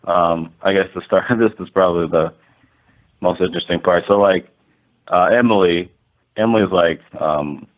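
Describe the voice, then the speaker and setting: A man's voice: sits low, normal speed. A man, a landlord guest, telling a story casually and rambling, full of "like" and acted-out quotes. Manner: rambling, animated, lots of "like" and quoted dialogue. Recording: tinny phone-like line.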